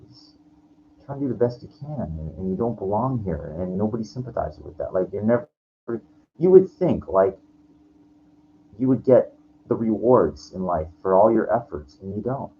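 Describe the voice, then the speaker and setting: A man in his forties with a lowish voice vents in a rambling, profane personal rant. He restarts his sentences again and again, and the recording is lo-fi with faint noise underneath. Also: lively intonation, normal speed. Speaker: vlogger. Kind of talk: frustrated personal rant to camera.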